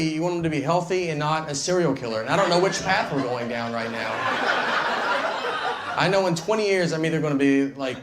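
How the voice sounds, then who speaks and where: A man doing stand-up on a theater stage with a slightly high voice. He tells stories in a bewildered, deadpan way, slipping into little acted-out quotes. The recording carries a clear layer of crowd and room noise. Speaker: stand-up comedian. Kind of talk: stand-up comedy set. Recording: live audience laughter behind.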